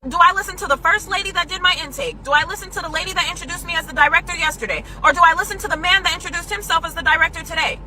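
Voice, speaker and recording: A woman's voice: extremely high pitch, very fast, few pauses, sharp tone, a faint crowd, a little hiss or hum, poor audio. A woman venting to camera in an exasperated, explaining tone. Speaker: content creator in a clip.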